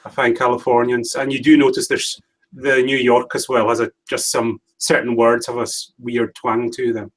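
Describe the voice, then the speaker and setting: Guy hosting a chill stream, just rambling on, normal pitch. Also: flat delivery, normal speed, low-quality recording. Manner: rambling, chatty. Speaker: livestream host. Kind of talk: casual livestream chat.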